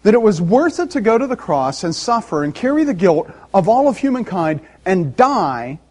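A man preaching a sermon, animated and laughing often, acting out the voices in the story. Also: high-pitched, moderate pace, few pauses. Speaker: pastor.

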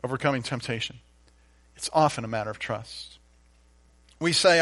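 A man preaching a sermon, acting out a doubting believer's complaints and then answering softly with calls to trust God. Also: mid-range voice, normal speed, long pauses. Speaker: pastor.

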